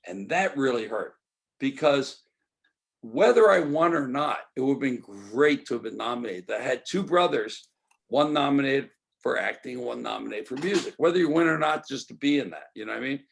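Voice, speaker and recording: Gravelly older man telling a story. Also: mid-range voice, normal speed. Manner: animated storytelling, acts out quoted dialogue. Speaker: interview guest. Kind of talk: storytelling interview.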